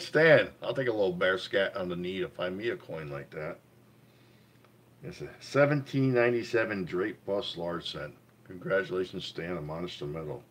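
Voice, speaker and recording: A man hosting a casual livestream, reading out finds from a magazine and greeting viewers, with an enthusiastic manner. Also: lowish voice. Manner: enthusiastic, repeats praise, greets chat viewers. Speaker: livestream host.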